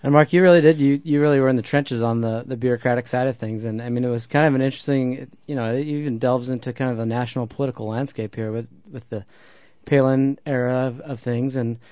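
Host type, fast casual talker, dry close mic. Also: male voice, medium pitch, steady tone, darkish tone, dry recording. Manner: prompts guests with loose, casual questions. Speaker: host, interviewer. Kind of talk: interview questions.

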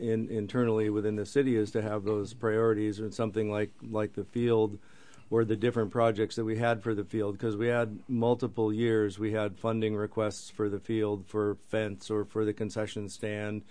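A man as a guest calmly explaining how city funding requests work, in a measured, procedural way. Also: lowish voice. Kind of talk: explanatory chat.

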